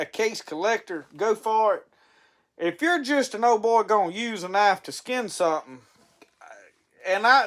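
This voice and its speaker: Man, stream host, fairly high pitch, rambling folksy chat with frequent restarts. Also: a bit bright. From Mississippi. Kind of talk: casual live-stream chat.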